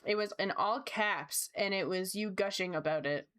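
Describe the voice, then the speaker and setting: A young woman chatting casually as she draws on a livestream, bubbly and gushing with quick asides. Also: mid-range voice, fairly bright tone, smooth. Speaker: streamer. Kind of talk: casual chat while drawing.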